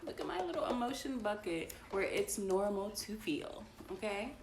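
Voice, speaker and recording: A woman's voice: medium pitch, lively intonation, moderate pace, noisy background. A woman, hosting a chatty, playful bedtime story reading for kids. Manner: chatty, playful, talks to her audience. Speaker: children's book reader. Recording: echoey room with faint ambience.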